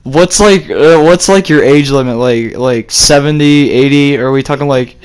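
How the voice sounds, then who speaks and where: A man's voice: mid-range voice, normal speed, a little mellow, clean tone. A young man hosting a podcast, chatting casually with lots of giggles and fillers. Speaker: podcast host.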